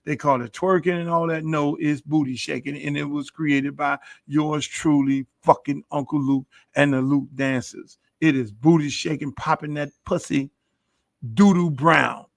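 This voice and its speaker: A man's voice: fairly high pitch, fairly even intonation, moderate pace, vocal fry, no room sound, studio quality. A middle-aged man hosting his own podcast, delivering a boastful, preachy monologue full of swearing. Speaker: podcast host. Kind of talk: profane monologue.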